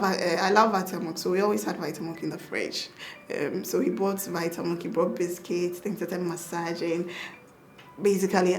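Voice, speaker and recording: Animated Ghanaian woman telling stories. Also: lowish voice. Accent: Ghanaian English. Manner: animated, laughing, acts out quotes. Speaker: pediatric doctor and mother, guest. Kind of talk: casual storytelling interview.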